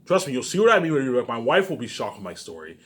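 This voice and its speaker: A man's voice: mid-range voice, very animated, quick pace, a bit bright. A man rambling to his camera, boastful and repetitive, swearing freely. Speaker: vlogger. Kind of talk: casual rambling monologue to camera. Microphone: camera mic.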